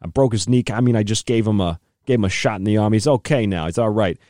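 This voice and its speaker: A man's voice: fairly low pitch, fast, warm tone, no room sound, studio quality, close to an everyday voice. A man doing an impression of a smug, elderly male health official who talks in a breezy way.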